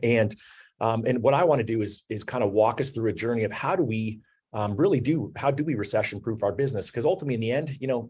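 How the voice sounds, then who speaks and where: Low-voiced man hosting a business webinar. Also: a little mellow, slightly rough. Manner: conversational, many fillers like "you know" and "um". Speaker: host. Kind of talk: webinar talk.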